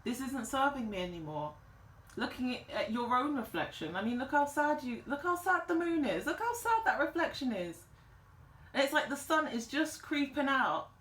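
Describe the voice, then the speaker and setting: A woman giving a tarot reading in a vlog, talking in an emphatic, animated and slangy way. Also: high-pitched, normal speed. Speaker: tarot reader. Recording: roomy echo.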